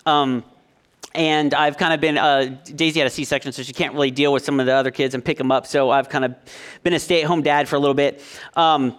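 A man's voice: medium pitch, fairly even intonation, fairly quick, fairly bright tone, clean tone. A man in his thirties, a youth leader, preaching a sermon with self-deprecating jokes and lots of ums and likes. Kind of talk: humorous sermon.

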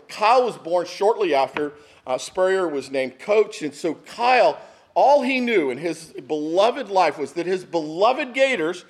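A middle-aged man, preaching a sermon as a pastor in a conversational storytelling way. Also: sits high. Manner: conversational storytelling, asks the room "right?".

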